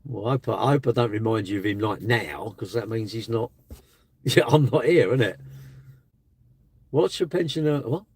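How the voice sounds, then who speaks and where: A man's voice: on the low side, normal speed, long pauses, a little mellow, breathy edge, no echo. A man hosting a live stream, chatting bluntly and casually with his viewers. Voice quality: blunt, chatty, slangy delivery.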